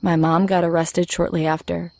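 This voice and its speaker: A woman narrates a horror story in a low, flat voice with a gravelly rasp. Her delivery is steady and scripted, and the recording is dry and close. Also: normal speed, dry recording.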